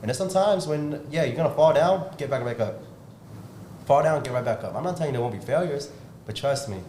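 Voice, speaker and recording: A man's voice: animated, quick pace, mellow. Intense guy giving a pep talk, straight-up blunt, echoey room. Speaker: podcast host and martial arts coach. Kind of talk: casual motivational podcast talk. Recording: roomy with faint rumble.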